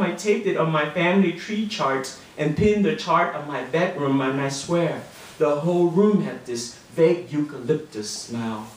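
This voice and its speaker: A man reading his own short story aloud to an audience, in a boy narrator's voice, with livelier, higher quoted lines. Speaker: author reading his fiction. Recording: roomy and distant, heard from across the room.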